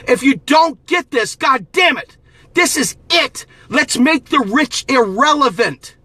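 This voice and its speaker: A male show host rants at his audience in an angry, profane, exhorting tone, often rising to a shout. His voice sits very high for a man and rings bright and sharp. The sound is close and completely dry. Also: expressive, a little slow, no echo. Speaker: host of a political commentary show. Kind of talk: impassioned political rant to camera.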